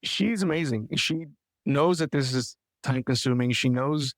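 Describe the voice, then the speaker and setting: A man's voice: medium pitch, measured pace, no room sound. A man hosting an interview podcast, asking thoughtful questions and affirming his guest. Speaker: podcast host.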